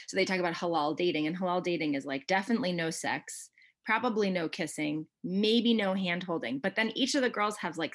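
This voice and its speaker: A woman with a low-pitched voice, a guest on a book podcast, chatting casually and eagerly. She thinks aloud, restarts her sentences, and drops her voice to read quoted passages. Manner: reads passages aloud softly.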